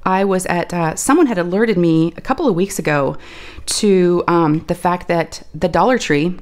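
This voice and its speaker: A woman chatting casually while she crafts on camera. Her voice is deeper and scratchy from allergies, and she talks in a folksy, chatty way, saying "y'all.". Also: normal speed, a little mellow. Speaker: crafting video host.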